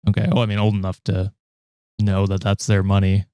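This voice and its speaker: A man's voice: lowish voice, completely flat delivery, fairly quick, warm tone, smooth, no echo, studio quality. A man co-hosting a podcast in casual chat, reacting with laughter and frequent swearing. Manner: chatty, laughing, swears freely. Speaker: podcast co-host.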